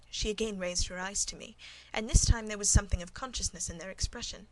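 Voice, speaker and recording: A woman's voice: mid-range voice, brisk, hardly any pauses, a little hiss or hum, rough recording. Woman narrating a classic novel. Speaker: audiobook narrator. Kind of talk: scripted first-person narration.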